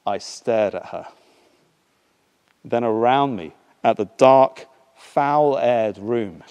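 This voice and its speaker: A man preaching a sermon and reading a passage aloud, in a measured, unhurried way with some halting fillers. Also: mid-range voice, a little mellow, clear, resonant tone. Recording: long reverb in a large hall.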